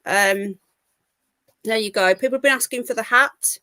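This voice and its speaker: A woman's voice: on the high side, moderate pace, sharp tone, dry recording. A woman from England hosting a live call-in stream, chatting casually and greeting viewers as she gossips. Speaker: live call-in show host.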